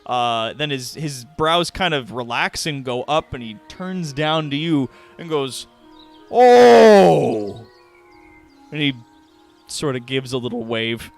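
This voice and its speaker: A man narrating a tabletop game as game master, animated and laughing often. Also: medium pitch, unhurried, few pauses, soft background music.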